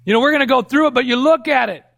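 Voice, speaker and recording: A man preaching a sermon in an emphatic question-and-answer manner, dropping at times to a low hush. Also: very fast, creaky.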